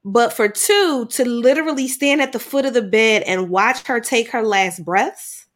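A middle-aged woman telling a personal story in conversation, animated at times and quiet at heavy moments. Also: a little high. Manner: animated, acts out dialogue in quick bursts. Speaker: guest sharing a personal story.

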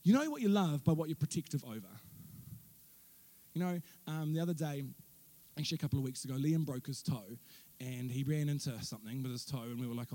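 A man's voice: medium pitch, brisk, mellow, dry recording. A young man preaching a sermon in church, telling stories animatedly with self-mocking asides. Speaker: pastor.

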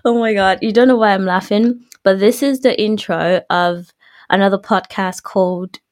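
A woman's voice: medium pitch, steady tone, moderate pace. A young woman with a British accent hosting her own podcast in casual solo chat, rambling through asides and laughing often. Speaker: podcast host.

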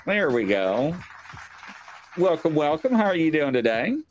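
With soft music in the background, a livestream talk show host speaks from his home set, his voice on the high side with big pitch swings and a slightly slow pace. He chats casually, rambling and joking at his own expense.

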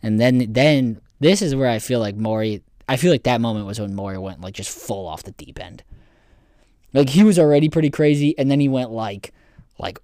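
A man's voice: medium pitch, normal speed, dark tone, dry recording, studio quality. A man co-hosting a podcast, casually recapping a documentary in a rambling way, swearing and laughing often. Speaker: podcast co-host.

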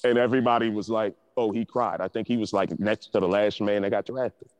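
A man's voice: lowish voice, steady tone, fast talker, dry recording, in a large hall. A man co-hosting a casual sports podcast, talking emphatically and repeating himself to drive points home.

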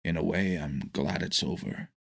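A weary hermit, resigned and downcast, as a man reads him aloud. He talks slowly and quietly, a little lower than the reader's own voice, with a husky edge. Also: steady tone, no echo, clean studio sound, exaggerated voice. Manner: slow, resigned and low.

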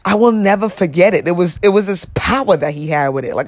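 An earnest young man speaks alone into his podcast mic. His voice sits somewhat high, and the sound is dry and close. He keeps it conversational, full of "you know what I'm saying," and lifts his voice when he drives a point home. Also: animated, fast, no room sound. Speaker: podcast host. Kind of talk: solo podcast monologue.

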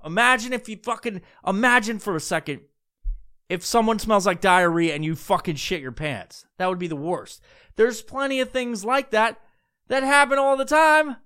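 A man's voice: sits high, normal speed, sharp tone, clear, resonant tone. A young man hosting a podcast, ranting comedically with heavy profanity and exasperation. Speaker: podcast host. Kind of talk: comedic rant.

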